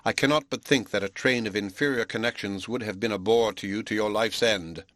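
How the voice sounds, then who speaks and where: A man's voice: lowish voice, fairly quick, fairly bright tone, no room sound, close to an everyday voice. A man voicing a blunt, proud and sarcastic Englishman in an audiobook, speaking in a brusque, scolding way.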